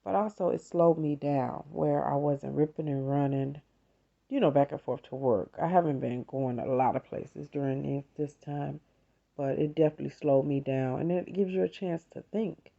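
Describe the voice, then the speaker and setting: A middle-aged podcast host from the United States talks personally about faith and gratitude, heartfelt and relaxed, speaking to "you all." Her voice sits low, gravelly and mellow, at normal speed, and the audio is dull.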